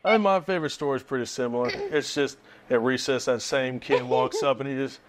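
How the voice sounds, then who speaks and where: A man's voice: medium pitch, brisk. A man, a teacher, chatting casually and telling stories with a dry, joking manner. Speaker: podcast co-host, teacher. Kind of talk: casual chat.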